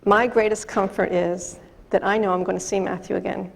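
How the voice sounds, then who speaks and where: A woman's voice: medium pitch, steady tone, a little fast, vocal fry. Earnest woman speaking in a large hall. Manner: earnest, talks directly to the audience with questions. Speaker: speaker on drunk-driving prevention. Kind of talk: personal testimony talk to an audience. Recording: long reverb from a large hall.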